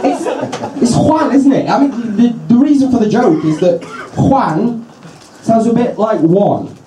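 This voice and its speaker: A man's voice: very high-pitched, a little slow, recorded from a distance, background noise. A man doing a stand-up comedy set on a handheld mic, exasperated and repeating himself at a pretend audience member. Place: comedy venue with a live audience. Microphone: handheld stage mic. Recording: echoey live room, crowd audible.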